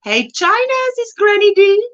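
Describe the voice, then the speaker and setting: With an extremely high voice that swings widely in pitch, a South African woman casually hosts a crochet livestream at a measured pace, greeting viewers warmly, reading chat aloud, and laughing a lot. The audio sounds dull.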